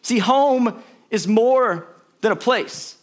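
A man's voice: very high-pitched, slow pace. A young man from St. Louis, a pastor preaching a sermon with chatty storytelling and playful asides to the congregation. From St. Louis, Missouri. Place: church auditorium before a congregation.

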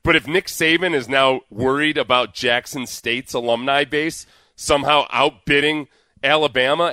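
A man co-hosting a casual sports radio show, sarcastic and animated, with frequent restarts, on a studio mic. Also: medium pitch, moderate pace, no echo. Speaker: sports talk show co-host.

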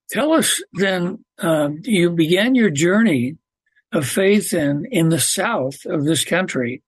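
A man hosting a faith program, asking slow, measured questions with fillers. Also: on the high side, no echo. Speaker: host.

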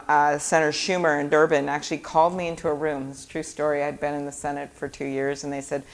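A middle-aged woman from Minnesota, a senator, giving a chatty live speech full of anecdotes and fillers. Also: sits low. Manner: chatty storytelling with many fillers. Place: event hall before a live audience.

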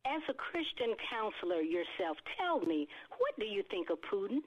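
A woman calling in to a radio show, polite, brief and soft-spoken. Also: mid-range voice, sing-song, moderate pace, low-quality recording. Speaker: caller. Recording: radio call-in line.

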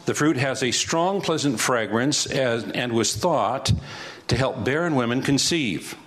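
A man's voice: medium pitch, expressive, unhurried, fairly bright tone. A man pastor teaching a Bible passage verse by verse in a conversational way, asking rhetorical questions.

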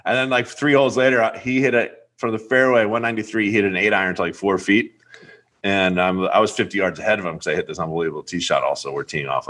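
Young male host, forceful, bright tone, animated storyteller. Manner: animated, acts out quotes with big jumps up in pitch. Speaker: podcast host. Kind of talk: casual storytelling.

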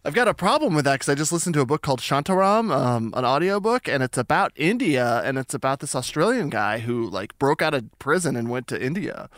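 A man co-hosting a podcast in casual chat, animated and quick to laugh. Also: mid-range voice, no room sound, studio quality. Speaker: podcast co-host.

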